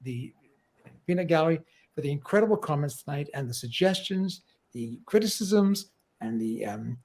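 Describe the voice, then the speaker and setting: A man co-hosting a music livestream talks in a lively, animated way and laughs often. His voice sits high. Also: moderate pace. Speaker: livestream co-host. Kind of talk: casual chat.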